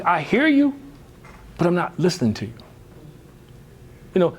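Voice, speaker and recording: A man giving a lively motivational talk to parents, full of rhetorical questions and "you know.". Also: slight background noise. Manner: lively, emphatic, rising high when animated. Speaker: speaker on parenting.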